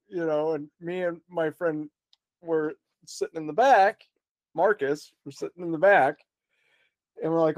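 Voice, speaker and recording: A man's voice: high voice, steady tone, measured pace, darkish tone, no echo. Rambling, swearing male storyteller. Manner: rambling, swears freely, laughs mid-story. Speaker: podcast guest. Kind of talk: casual storytelling.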